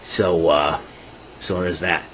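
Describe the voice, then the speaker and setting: A middle-aged man hosting his own show speaks slowly in a low, level voice that's a bit bright with a breathy edge. His casual solo chat rambles and restarts, punctuated by laughter and goofy voices, on a rough recording.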